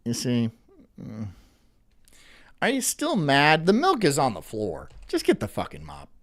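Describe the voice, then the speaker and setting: A woman's voice: extremely low pitch, wildly swooping pitch, a little slow. A woman hosting a livestream, talking casually while reacting to clips, swearing and repeating herself. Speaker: livestream host.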